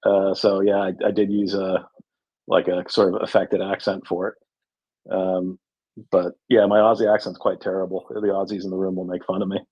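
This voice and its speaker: Low-voiced man, halting and relaxed. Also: husky, muffled recording. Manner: halting, filler-heavy, relaxed banter. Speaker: guest describing his DeFi project. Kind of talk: casual chat in an audio room.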